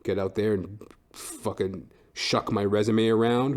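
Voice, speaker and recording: A man's voice: fairly low pitch, fairly even intonation, a little slow, a little mellow. A young man hosting his own podcast, a comedian ranting in a rambling, profane, filler-heavy way. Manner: rambling, swears constantly, lots of fillers and restarts. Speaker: podcast host and stand-up comedian. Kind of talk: casual profane comedic rant.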